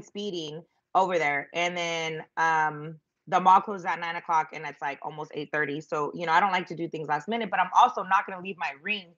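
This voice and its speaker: A middle-aged woman tells a long personal story on a live phone stream. She sounds chatty and self-mocking, rambles, and fills her talk with fillers. Her voice sits fairly low, and the audio comes through dull and lo-fi. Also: bright, forceful tone. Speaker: vlogger telling a story.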